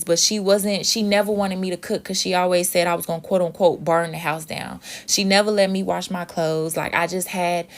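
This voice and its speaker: A young woman vlogger, telling a personal story in a frank, emotional way and swearing freely. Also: mid-range voice.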